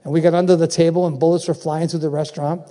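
A man in his seventies preaches with a high-pitched, mellow voice. He drives his points home with repeated phrases and keeps checking in with the congregation. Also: little pitch movement, very fast. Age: 70s. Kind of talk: sermon.

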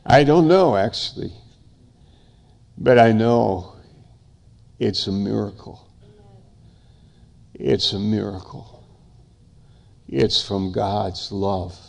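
Slow gravelly older male preacher. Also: fairly low pitch, little pitch movement. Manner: emphatic, repeats phrases in lists. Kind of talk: sermon.

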